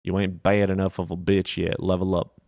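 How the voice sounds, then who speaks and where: A man streamer in casual livestream chat, reading and answering chat questions in a rapid, profane, offhand way. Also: low voice, flat delivery, creaky, darkish tone, dry recording, studio quality.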